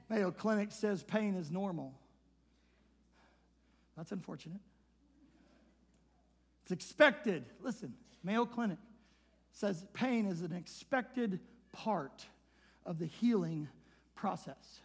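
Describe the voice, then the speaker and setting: An older man preaching a sermon, swinging from loud shouted declarations down to hushed, quiet passages. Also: high voice, lively intonation, slow pace, long pauses, husky, long reverb tail. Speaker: pastor.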